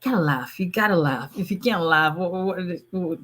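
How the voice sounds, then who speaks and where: Lady lawyer from nigeria chatting on a live stream, talks quick, laughs often, lowish voice. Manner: fast-talking, animated, laughs often. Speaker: immigration lawyer. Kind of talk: casual live stream chat.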